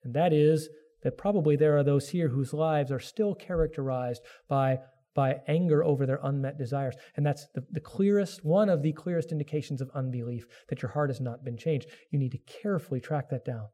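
Middle-aged pastor guy preaching a sermon, mellow warm voice, a bit higher pitched, earnest. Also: a little fast.

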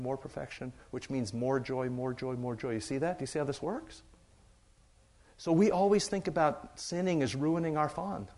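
A man's voice: mid-range voice, a little mellow. A man preaching to his congregation in a loose, conversational way, often repeating phrases for emphasis. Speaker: pastor. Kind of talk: sermon.

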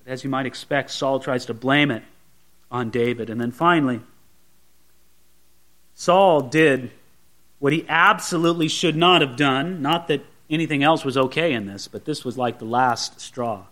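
A man's voice: mid-range voice, normal speed, fairly bright tone. A man preaching a Bible sermon as a pastor, often putting rhetorical questions to his listeners.

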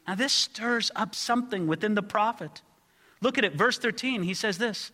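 A man preaching an expository sermon, earnest and building to loud pleading passages. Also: normal speed. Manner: earnest, rises high and loud when acting out pleas. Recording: long hall reverb.

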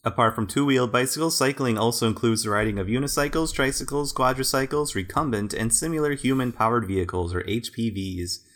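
A man's voice: mid-range voice, brisk, hardly any pauses, a bit bright. A man co-hosting a comedy podcast, reading out facts with dry jokes. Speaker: podcast co-host. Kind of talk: casual chat, reading facts aloud.

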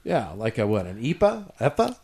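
This is a middle-aged man in casual podcast chat, joking freely and telling lively stories. He talks at an ordinary middle pitch. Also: a little fast, creaky, slightly rough. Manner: jokey, animated storytelling. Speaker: pastor and co-host.

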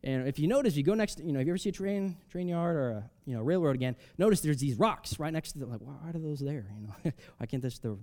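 A man preaching a sermon, reading scripture aloud and explaining it in a conversational way, swinging between loud emphatic rises and soft drops. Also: fairly high pitch, lively intonation, fast, hardly any pauses. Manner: reads scripture aloud, then explains it casually with fillers.

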